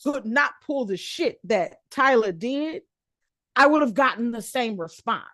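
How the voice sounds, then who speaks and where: A young woman from Detroit, talking casually and telling stories with lively acted-out quotes, recorded dry and close. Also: a little high, measured pace, no echo. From Detroit, Michigan, United States. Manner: animated storyteller who acts out quoted voices. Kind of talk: casual conversation.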